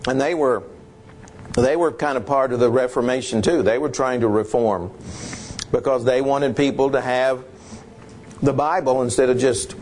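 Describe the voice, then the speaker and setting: Middle-aged male teacher, unhurried church-history lecture, throat-clearing pauses, faint hiss. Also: mid-range voice, fairly even intonation, darkish tone. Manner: halting, with frequent throat clearing.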